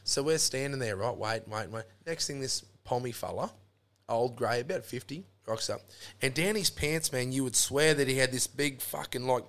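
A man's voice: medium pitch, moderate pace, fairly bright tone. An Australian man telling a rambling, sweary story in a casual chat, throwing in lots of "mate". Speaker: podcast guest.

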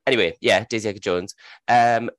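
A man co-hosting a podcast in casual, excitable chat and swearing freely. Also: lowish voice, brisk, no room sound. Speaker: podcast co-host.

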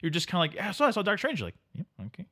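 A man co-hosting a podcast in loose, joking chat, with lots of fillers and restarts. He talks fast, and his fairly high voice jumps around a lot as he rambles. It sounds relaxed and playful. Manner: joking, rambling, quick talk with many fillers. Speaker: podcast co-host. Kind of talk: casual chat.

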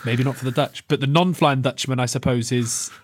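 A man's voice: mid-range voice, steady tone, a little fast, dry recording. A young man co-hosting a casual football podcast, laughing, swearing and joking. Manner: laughing, swearing, jokey banter. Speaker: podcast co-host.

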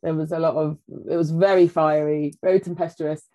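A woman talks in a relaxed, chatty way as a guest on a podcast. Her voice sits on the low side, and she tells her stories with lively, animated quoting. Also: brisk, low-quality recording. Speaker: podcast guest, food writer. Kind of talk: casual chat.

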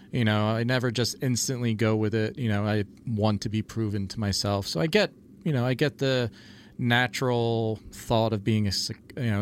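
A man's voice: fairly low pitch, slight background noise. A man, a paranormal TV investigator, telling stories in a rambling casual chat full of "like" and "you know".

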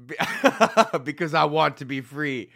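Profane, bright-voiced man ranting. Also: fairly high pitch, lively intonation, a little slow, gravelly. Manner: profane, rambling, laughs often at himself. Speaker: podcast host. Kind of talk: casual ranting monologue.

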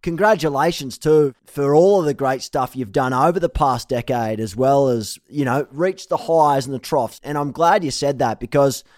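A man's voice: fairly high pitch, darkish tone, dry recording, studio quality. A man hosting a podcast, speaking in an affirming, reflective way. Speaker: podcast host.

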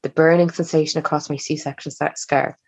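A woman's voice: sits low, steady tone, normal speed, a little mellow, husky, no echo. A young woman telling a personal story as a podcast guest, chatty and acting out the dialogue she quotes. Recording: slightly dull, muffled recording.

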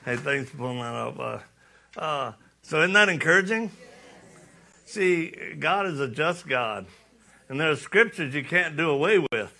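A man's voice: on the high side, animated, a little slow, vocal fry, pushed and bright, some chatter behind, a little hiss or hum. A man preaching a casual sermon, folksy and joking, acting out the dialogue of the story.

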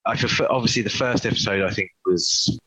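A man's voice: on the low side, a little fast, a bit bright, breathy edge, rough recording. A man co-hosting a podcast in casual chat, talking enthusiastically and often restarting his sentences. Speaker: podcast co-host.

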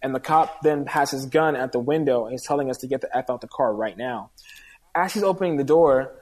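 A man's voice: mid-range voice, a little fast, darkish tone. A man telling a long personal story in casual conversation, earnestly acting out the dialogue of the people in it. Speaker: guest.

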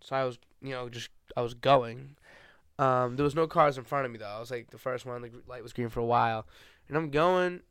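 A young man hosting a podcast, chatting casually and telling an animated story, swearing freely and acting out other people's voices. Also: mid-range voice, fairly quick, clean tone, dry recording. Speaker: podcast host. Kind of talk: casual chat.

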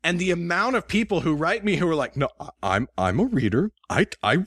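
Lively, animated man chatting. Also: a little high, brisk, no echo, studio quality. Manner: animated, self-mocking, acts out quotes. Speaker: podcast guest, author. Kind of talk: casual interview chat.

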